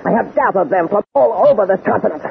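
Fanatical Nazi leader, high-pitched, gravelly, 1940s radio drama, tinny broadcast. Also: male voice, expressive, fast, a little hiss or hum, exaggerated voice. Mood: gloating. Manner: gloating, rising to a fervent cry. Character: scheming male Nazi army leader, gloating and fanatical.

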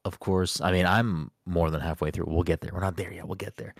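A man's voice: deep voice, steady tone, a little fast, creaky, no echo, studio quality. A young adult man hosting a gaming podcast in a loose, joking way, cursing casually as he runs the intro. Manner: loose, joking, swears freely. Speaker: podcast host. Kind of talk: casual chat.

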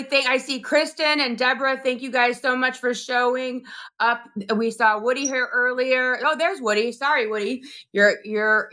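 A middle-aged woman co-hosting a casual live-stream chat, telling stories with animated back-and-forth. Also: a little high. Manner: animated storyteller acting out both sides. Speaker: co-host.

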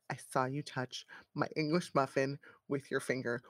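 A mother of a toddler in her thirties, co-hosting a casual chat as an animated storyteller who laughs often. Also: extremely low pitch, brisk, hardly any pauses, no echo, clean studio sound. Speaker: podcast co-host.

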